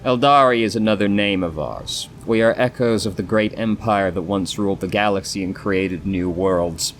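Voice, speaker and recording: A man's voice: on the low side, faint music behind, close to an everyday voice. A man reading a grave, sorrowful elf woman. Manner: solemn, measured reading with stumbles on names. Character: grave, sorrowful female elf of an ancient dying race. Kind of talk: reading game dialogue aloud.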